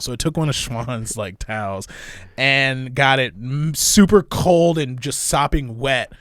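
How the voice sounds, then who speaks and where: A man's voice: mid-range voice, expressive, measured pace, a bit bright, no room sound, clean studio sound. A young man from Illinois, a comedy club manager guesting on a podcast, telling stories in a loose, profane way, often laughing and acting out other people's voices. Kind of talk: casual storytelling.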